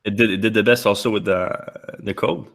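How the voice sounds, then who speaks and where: A man hosting a casual podcast chat, slightly hoarse from being a little sick and talking in halting bursts with many restarts. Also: fairly low pitch, fairly even intonation, a bit bright. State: losing his voice, a little sick. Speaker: podcast host.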